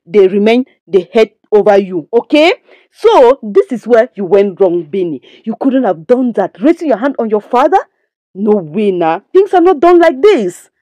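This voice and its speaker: In a casual drama episode recap, a young Nigerian woman who reviews movies talks to "my people," her listeners, pausing now and then to preach at them. She speaks at a normal speed in an expressive, mid-range voice with a dark tone, captured with no room sound.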